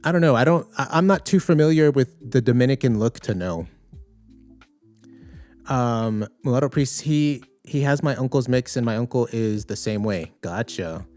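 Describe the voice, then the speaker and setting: A man's voice: mid-range voice, normal speed, soft background music. A man hosting a livestream podcast, chatting casually and reading out viewer comments with many fillers. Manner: relaxed, conversational, thinks aloud with many fillers.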